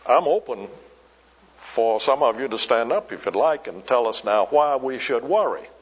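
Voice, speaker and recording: A man preaching a sermon, slow and emphatic, repeating key words for weight. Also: mid-range voice, animated, husky, big-room sound. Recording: dull lo-fi recording.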